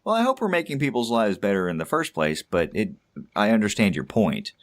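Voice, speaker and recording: Very deep-voiced rambling podcast man. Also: big pitch swings, fairly quick. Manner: rambling, stammering restarts, chuckles to himself. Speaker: podcast co-host. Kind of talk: casual podcast chat.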